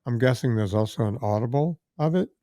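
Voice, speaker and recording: A male podcast host who chats casually and rambles through his plugs. His voice is mid-pitched and sounds dry and close to the mic. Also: lively intonation, a little fast, dark tone, dry recording.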